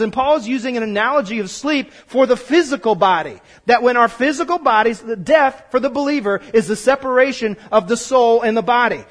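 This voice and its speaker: A man preaching a sermon, emphatic and repetitive, swinging from quiet explanation to loud declarations. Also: extremely high pitch. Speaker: pastor.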